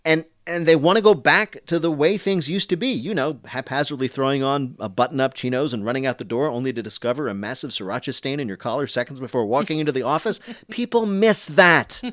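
A man's voice: medium pitch, expressive, a little fast, hardly any pauses, fairly bright tone, dry recording, clean studio sound. A man hosting a comedy quiz show, joking wryly and laughing often. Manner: wry, quips, laughs often. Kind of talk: joking radio banter.

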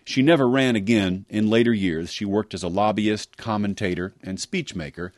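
Low-voiced male news reporter. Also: normal speed, dry recording, clean studio sound. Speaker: radio reporter. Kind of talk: scripted news narration. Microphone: close studio mic.

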